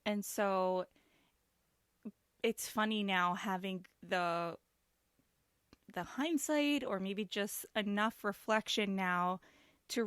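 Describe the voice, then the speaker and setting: A woman hosting a podcast interview, reflective and thinking aloud with pauses. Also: medium pitch, a bit bright, clear, resonant tone, no echo, clean studio sound. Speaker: podcast host. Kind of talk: casual conversational interview.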